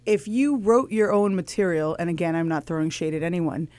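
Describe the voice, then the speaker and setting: A woman's voice: on the low side, steady tone, a little fast, dark tone, no room sound. Female comic guest, wry chatter, dry close sound. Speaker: comedian guest. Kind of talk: casual chat.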